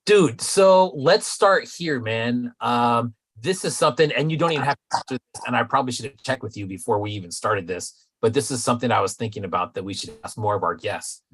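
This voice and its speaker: A man co-hosting a casual video-call chat show, relaxed and slangy, often saying "dude" and "man". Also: mid-range voice, a little fast, few pauses, a little hiss or hum. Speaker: podcast co-host.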